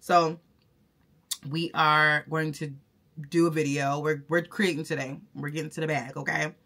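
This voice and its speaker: A vlogger and content creator talks straight to her viewers in a casual vlog, her low voice a bit bright with little pitch movement at a normal speed. She's chatty, effusive and emotional, full of fillers and restarts.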